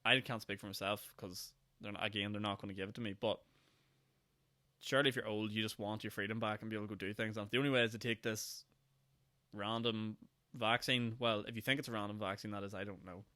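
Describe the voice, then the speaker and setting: A man's voice: fairly low pitch, fairly even intonation, quick pace, pushed and bright, dry recording. A man in his twenties with a Northern Irish accent, hosting a solo podcast in a rambling, sarcastic way and acting out mock quotes. He sounds tired. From Northern Ireland. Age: 20s. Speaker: podcast host. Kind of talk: casual solo podcast monologue.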